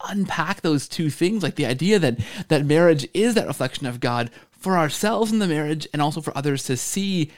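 Man, podcast host, affirming, laughs along, slightly high voice. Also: expressive, moderate pace, few pauses. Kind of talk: conversational interview.

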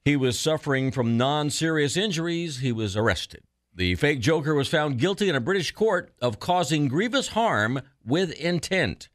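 A man co-hosting a morning radio comedy show, telling a news joke deadpan. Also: fairly high pitch, moderate pace, no room sound, studio quality.

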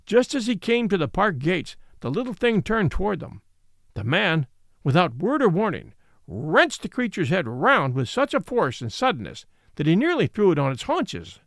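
Lively, expressive male storybook narrator. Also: high-pitched, moderate pace, creaky, no room sound, studio quality. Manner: expressive reading with distinct character voices. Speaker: audiobook narrator.

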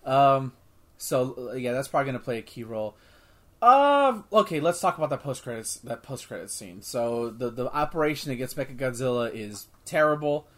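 Podcast host, male, mid-pitched, rambling and excitable, swears casually. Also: moderate pace. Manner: rambling, excitable, swears freely, many restarts. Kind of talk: casual movie review chat.

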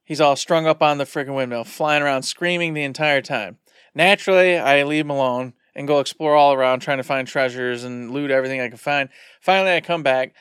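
A man co-hosting a podcast, retelling a game session in a rambling, animated way. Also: mid-range voice, a little fast, clear, resonant tone, no echo, clean studio sound. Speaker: podcast co-host. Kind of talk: casual storytelling.

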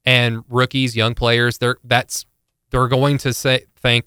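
A man's voice: medium pitch, level tone, slow, sharp tone, clear, resonant tone, no echo, clean studio sound. A man co-hosting a podcast in casual sports chat, rambling with many fillers and restarts. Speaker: podcast co-host.

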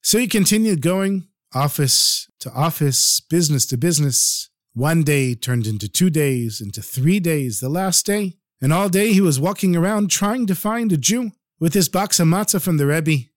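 Man, storyteller, dramatic and lively, slightly high voice, dry close recording. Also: moderate pace, few pauses, no room sound. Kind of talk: spoken story narration.

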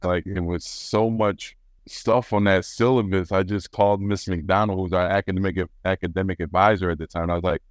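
Deep-voiced man telling stories casually. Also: moderate pace, dry recording, clean studio sound. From Rochester, New York. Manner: relaxed, rambling with fillers and restarts. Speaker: former basketball player, guest. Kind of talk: casual interview storytelling.

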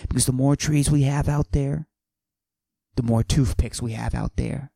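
A man playing a boastful macho character, pushing his voice low and husky and often dropping to a whisper while he brags deadpan. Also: normal speed, no echo. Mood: swaggering. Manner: boastful, deadpan absurd bragging. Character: cocky macho man with a forced deep voice. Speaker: podcast host. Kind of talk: comic character monologue.

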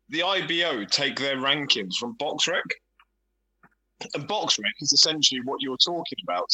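A man's voice: mid-range voice, sharp tone, low-quality recording. A man co-hosting a casual podcast, blunt and sweary as he explains things at length. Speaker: podcast co-host. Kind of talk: casual chat.

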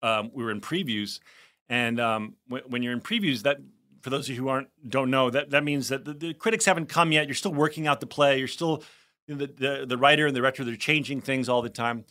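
A man's voice: medium pitch, fairly quick, bright, forceful tone. A man co-hosting a casual podcast, telling chatty, rambling anecdotes with frequent restarts. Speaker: podcast co-host, actor. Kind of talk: casual chat.

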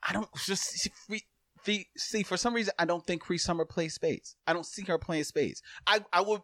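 A man's voice: sits high, normal speed, pushed and bright, dry recording, studio quality. A man hosting a casual chat, laughing easily and passing along listener answers.

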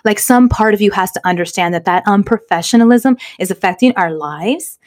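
A woman co-hosting a podcast, telling a story in an animated, emphatic way. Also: medium pitch, brisk, hardly any pauses. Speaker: podcast co-host. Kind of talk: casual storytelling chat.

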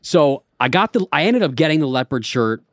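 Podcast cohost in his thirties, rambling profane story guy, slightly higher voice, dry close sound. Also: very animated, a little fast, no echo. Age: 30s. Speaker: podcast co-host. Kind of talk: casual chat.

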